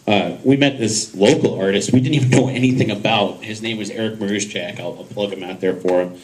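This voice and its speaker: Man telling an animated panel story. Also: fairly low pitch, a little fast, low-quality recording. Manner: animated, acts out voices in his anecdotes, laughs often. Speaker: podcast host on a convention panel. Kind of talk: casual storytelling to a panel audience.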